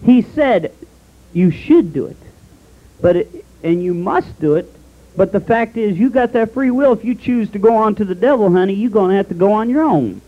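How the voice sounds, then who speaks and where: A man's voice: high-pitched, animated, normal speed, narrow, tinny audio. A man with a Southern American accent preaching a sermon in a folksy way, calling his listeners honey and firing off rhetorical questions.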